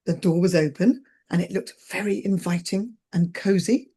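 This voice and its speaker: Woman storyteller, husky voice, wry and brisk. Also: on the low side, steady tone, warm tone. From England. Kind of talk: oral storytelling performance.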